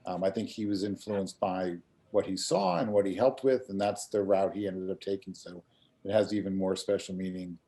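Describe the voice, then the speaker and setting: Earnest, halting middle-aged man. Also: low-pitched, mellow. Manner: earnest, halting, often repeating words as he gathers thoughts. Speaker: graphic designer and community volunteer. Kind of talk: casual talk in an online community meeting.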